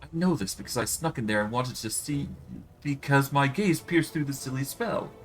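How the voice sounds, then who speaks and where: A man's voice: medium pitch, expressive, normal speed, pitched above the performer's own voice, close to an everyday voice, low-quality recording. A man voicing a vain, petulant female demon queen in a video game, whiny and clumsily flirtatious. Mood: smug. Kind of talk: reading game dialogue aloud on stream.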